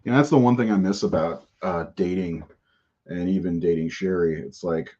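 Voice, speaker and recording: Low-voiced rambling, profane man. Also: moderate pace, warm tone. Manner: rambling, profane, laughs often. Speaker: podcast host. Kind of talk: casual live-stream chat. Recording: dull lo-fi audio.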